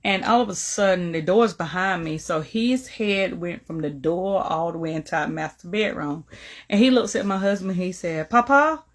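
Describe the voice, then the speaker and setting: An older woman, a grandmother, telling a story about her grandchild in a casual video, in an animated, emphatic way. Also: on the low side, moderate pace.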